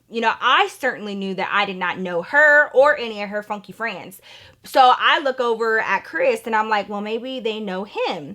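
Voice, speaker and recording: A young woman with a slightly high voice tells a story on her vlog, sassy and salty. She swears freely and plays up the drama. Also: fairly bright tone. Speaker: vlogger.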